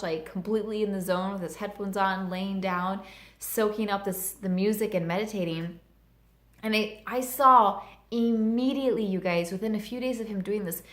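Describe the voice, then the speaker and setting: A woman's voice: mid-range voice, fairly bright tone. Earnest woman in her thirties, roomy sound. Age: 30s. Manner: earnest and heartfelt, many fillers of "like". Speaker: vlogger. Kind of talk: personal storytelling vlog.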